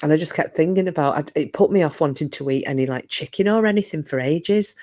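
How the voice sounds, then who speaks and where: A woman's voice: low voice, fast, darkish tone. A woman hosting a casual live-stream chat, rambling and self-interrupting with frequent jokes. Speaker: livestream host.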